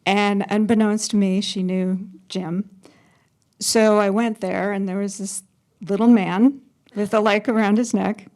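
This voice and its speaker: A woman's voice: mid-range voice, fairly even intonation, measured pace, darkish tone. Chatty woman telling stories on a panel. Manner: chatty, laughs often, acts out quotes. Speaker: photographer, panel guest. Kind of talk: storytelling on a panel.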